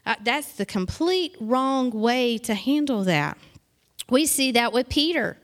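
A woman with a somewhat high voice leads an informal Bible study. She reads passages aloud, then explains them in plain, conversational talk, slipping into quick acted asides. She sounds middle-aged. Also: animated. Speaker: Bible teacher.

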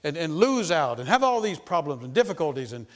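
A man preaching a sermon, emphatic and repetitive, rising into loud insistent bursts. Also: fairly high pitch, very animated, brisk.

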